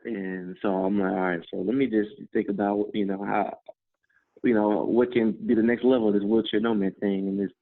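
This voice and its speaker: A young man in his twenties, telling a long story in a relaxed, chatty way and often dropping "man" and "you know". His voice sits fairly low, and the sound is thin and narrow, as if it comes over a phone line. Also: normal speed, no echo. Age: 20s. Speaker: guest. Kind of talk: casual storytelling interview.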